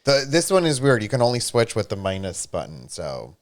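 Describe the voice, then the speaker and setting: Young man with a smooth voice. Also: on the low side, fairly quick. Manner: animated, playfully argumentative. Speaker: livestream co-host. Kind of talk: casual gaming stream chat.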